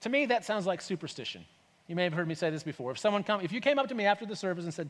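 This preacher talks fast in a high voice with lively intonation, and a long reverb trails behind him. He speaks to listeners conversationally, asks rhetorical questions, and imitates voices.

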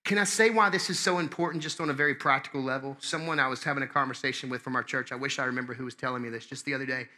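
A man preaching a sermon as pastor, conversational and impassioned, swinging between loud and hushed. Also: mid-range voice, fairly even intonation, rapid-fire.

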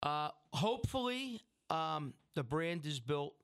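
A man's voice: on the high side, very animated, slow, a bit bright, smooth. A middle-aged man, a restaurant owner telling a long story in an interview. He rambles, restarts his sentences and acts out what people said. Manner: rambling, with restarts and acted-out quotes. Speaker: restaurant owner and food entrepreneur.

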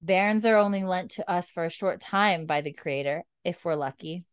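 A woman quietly quoting a troubled young man, withdrawn and subdued. The sound is dry and close. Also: fairly low pitch, normal speed, clean tone, dry recording, close to an everyday voice.

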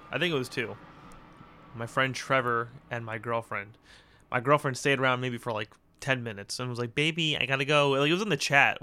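A man hosting a podcast, ranting casually in a crude, joking, rambling way with quick voiced asides. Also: mid-range voice, bright, forceful tone, clear, resonant tone, no echo. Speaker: podcast host. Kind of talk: casual solo podcast rant.

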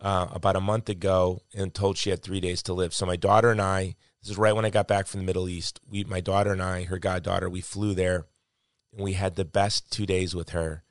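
A man's voice: deep voice, flat delivery, fairly quick, dry recording, studio quality. A man telling a personal story in conversation, in an earnest, reflective way with heartfelt emphasis. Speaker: guest.

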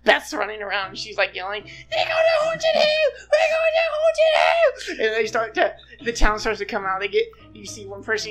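A woman's voice: medium pitch, fairly bright tone, poor audio. A woman narrating as game master in a tabletop game, casual and rambling with many fillers.

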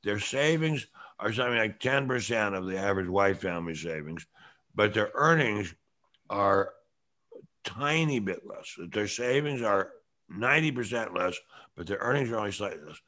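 An older man hosting a podcast, holding forth in an opinionated, lecturing monologue, with a bronchial throat he keeps clearing. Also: lowish voice, fairly bright tone. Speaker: show host. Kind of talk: casual opinion podcast talk.

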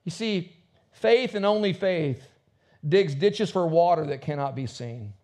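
A man's voice: on the high side, expressive, a little slow, a little mellow. A man preaching a sermon as pastor, with rising and falling emphasis.

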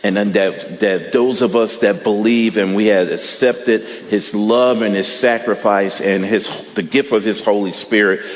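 A man with a Midwestern US accent preaching a sermon as pastor, in a relaxed, conversational way with frequent fillers and repeated words. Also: on the low side, long reverb tail.

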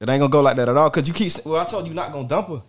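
A man with a fairly high, lively voice who talks fast and keeps cutting in to press his point. Other voices pile up loudly around him. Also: crowd noise. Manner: quick, insistent, cuts in with "look, look". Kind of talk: casual group podcast banter.

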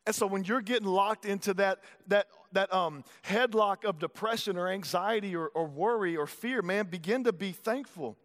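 A man with a Southern American accent preaches in a church, his voice sitting high for a man. He talks in a folksy, conversational way and sometimes sinks low and quiet to press a point. A long reverb trails his words around the sanctuary. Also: moderate pace, hardly any pauses. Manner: conversational preaching, folksy asides, drops to soft low tones for emphasis. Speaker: pastor. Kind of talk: sermon.

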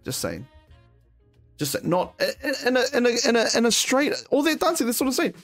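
A New man hosting a casual call-in stream. He talks in loose slang and swears easily, and his pitch swings up and down in lively leaps. Soft music runs quietly behind him. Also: a little fast. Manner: slangy, excitable, swears freely. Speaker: streamer taking call-ins. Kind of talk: casual chat.

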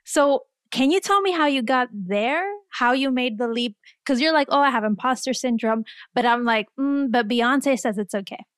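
Woman, podcast host, casual interview, enthusiastic, slightly high voice, dry close mic. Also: a bit bright, clean tone, no echo. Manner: enthusiastic, quick to gasp and laugh.

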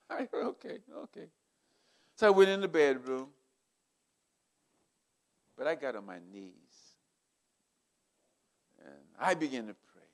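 An older man preaching a sermon, telling a personal story in an animated, emotional way. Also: mid-range voice, slow, pauses often. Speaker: pastor.

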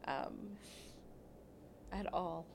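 A woman's voice: drawn-out words, slight background noise. A woman in a casual faith conversation, listening attentively and chiming in in a light, friendly way.

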